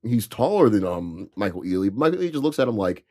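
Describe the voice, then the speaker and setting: A man's voice: lowish voice, very animated, quick pace, darkish tone. A man co-hosting a movie podcast, telling a story in a wry, casual way with quoted back-and-forth. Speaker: podcast co-host.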